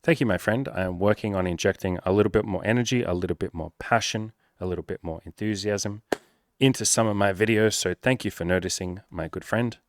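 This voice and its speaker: A man giving blunt, profane, energetic dating-coach advice in a casual talk straight to the camera. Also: on the low side, fairly quick, no echo, studio quality.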